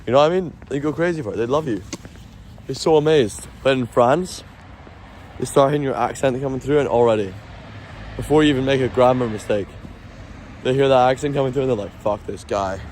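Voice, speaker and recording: A man's voice: medium pitch, a little fast, pauses often, a little mellow, slight background noise. A man with a Scottish accent livestreaming from a phone on a city street at night, chatting casually and swearing often. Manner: chatty, swears a lot, talks to chat. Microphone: handheld phone.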